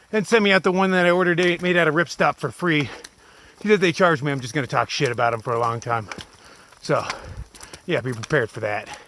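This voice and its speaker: A man's voice: on the high side, a bit bright, a little hiss or hum. A man chatting casually to his camera while hiking a forest trail alone. He rambles in a laid-back way and swears freely. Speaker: solo long-distance hiker. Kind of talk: casual vlog chat.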